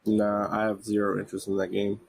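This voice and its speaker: Husky, low-voiced man on a podcast. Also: monotone. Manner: laid-back, quick to laugh. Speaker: podcast co-host. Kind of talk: casual chat.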